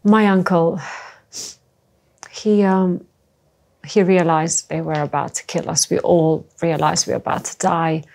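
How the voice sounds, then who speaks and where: A middle-aged woman from the former Yugoslavia, recounting her past in a halting, emotional personal testimony. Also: lowish voice, steady tone, gravelly, a little mellow. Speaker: interview guest.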